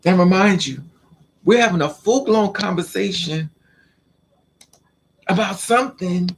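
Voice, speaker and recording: A man vlogging, telling a personal story in a casual, animated way, with frequent laughter and slangy exclamations. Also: high voice, unhurried, long pauses, low-quality recording.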